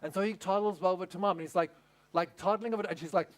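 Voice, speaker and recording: High-voiced preacher telling a story. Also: male voice, fast. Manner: storytelling, asks the audience questions. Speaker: pastor. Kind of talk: sermon. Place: camp meeting.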